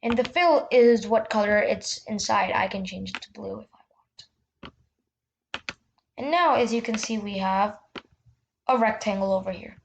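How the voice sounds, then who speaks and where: A woman's voice: mid-range voice, unhurried, creaky, long pauses, dull audio, a little hiss or hum. A woman hosting a casual screen-recorded tutorial, talking loosely with restarts and little fillers. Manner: chatty, loose, with restarts and "yeah". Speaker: tutorial host.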